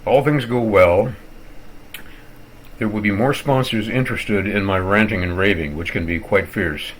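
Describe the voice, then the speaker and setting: A man's voice: lowish voice, normal speed, a little hiss or hum, low-quality recording. Tired older man rambling through a rant. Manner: digressive, wry, with theatrical asides. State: tired, low on energy. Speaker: vlogger ranting about his internet provider. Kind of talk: rambling screen-recorded rant.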